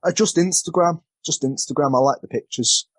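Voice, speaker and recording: A man's voice: on the high side, fairly quick, no room sound. Man rambling through wrestling stories. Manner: rambling, self-deprecating, stumbles over words. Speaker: wrestler guest. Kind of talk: casual interview storytelling.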